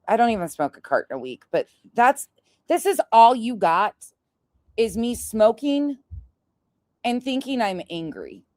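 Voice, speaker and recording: A woman's voice: on the high side, sing-song, measured pace, darkish tone, no echo, poor audio. A woman ranting in a commentary vlog, sarcastic and mocking, swearing often. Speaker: online commentator.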